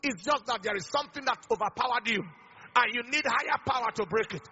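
A man's voice: extremely high pitch, fast talker, pushed and bright, long reverb tail, highs cut off, a little hiss or hum. A man, a pastor leading an altar-call prayer with fervent, repeated declarations.

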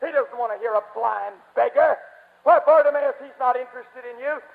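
A man voicing a harsh male bystander scolding a beggar to be quiet. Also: very high-pitched, moderate pace, creaky. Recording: echoey hall, tinny old broadcast.

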